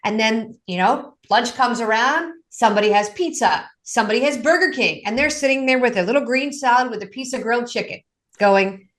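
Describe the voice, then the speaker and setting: A woman's voice: fairly high pitch, fairly quick. Woman coach telling vivid client stories. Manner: acts out clients' voices with lively, dramatic shifts. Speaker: addiction coach guest. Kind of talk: animated storytelling in a podcast interview.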